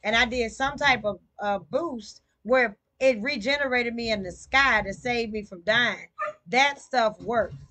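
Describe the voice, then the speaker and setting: A woman hosting a livestream, chatting casually and cheering on her teammate with excited, slangy play-by-play. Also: on the high side, unhurried. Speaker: livestream gamer host. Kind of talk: casual gaming chat.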